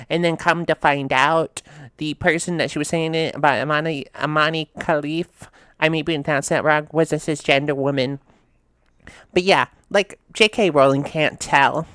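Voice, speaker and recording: A woman's voice: low-pitched, fairly bright tone, clear, resonant tone, no room sound. A woman hosting a casual reaction video, reading meme captions aloud and chatting with sass. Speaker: host reacting to memes.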